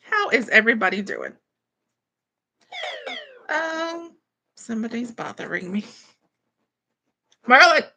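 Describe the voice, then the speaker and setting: A woman's voice: on the high side, sing-song, measured pace, creaky, long pauses, sharp tone. A woman hosting a livestream from her bedroom, apologizing and greeting viewers by name. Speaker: livestream host. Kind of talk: casual livestream chat. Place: home bedroom, at a computer. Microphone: computer mic.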